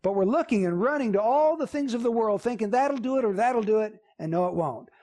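A male pastor delivers a sermon in a church. His voice sits fairly high for a man, and he preaches earnestly, driving points home through repetition. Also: expressive, fairly quick, warm tone. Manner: earnest, emphatic preaching with repeated phrases.

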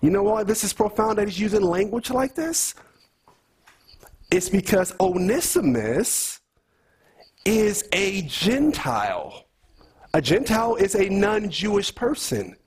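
A man's voice: high-pitched, husky. A man giving a conversational Bible teaching in an earnest way, repeating key phrases and quizzing his listeners.

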